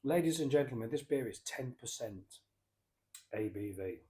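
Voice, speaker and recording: A man chats through a beer review at an easy, mid-range pitch. He rambles, circles back and corrects himself as he talks, in the loose manner of a casual vlog. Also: lively intonation, moderate pace, dark tone. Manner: rambling, chatty, self-correcting. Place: pub.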